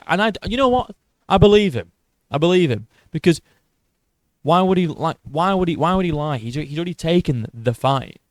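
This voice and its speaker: A man hosting a casual commentary, excitable and profane, rambling with restarts. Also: fairly high pitch, dry recording, clean studio sound. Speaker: host.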